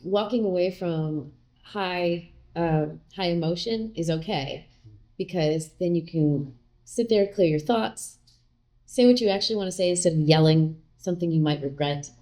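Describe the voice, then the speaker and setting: A woman's voice: on the low side, normal speed. A woman guest speaking casually and candidly in an interview, often acting out the lines other people said. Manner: candid, animated, acts out quoted lines.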